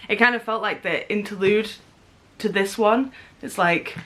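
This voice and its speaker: A woman's voice: medium pitch, normal speed, fairly bright tone. A young woman in her twenties chatting casually at home in a book vlog, gushing and full of fillers. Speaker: book vlogger. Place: home, in pajamas.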